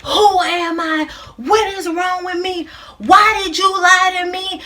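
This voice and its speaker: A woman voicing a frightened, furious boy who shouts pleading questions at his mother. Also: very high-pitched, steady tone, slow pace, distant mic, voice pushed up, full character voice. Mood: distraught anger.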